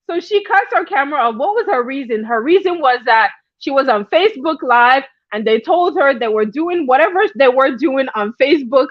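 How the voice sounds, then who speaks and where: A woman's voice: high voice, a bit bright, no echo, highs cut off. A woman hosting a casual livestream gossip chat. She laughs often and greets viewers by name. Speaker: livestream host.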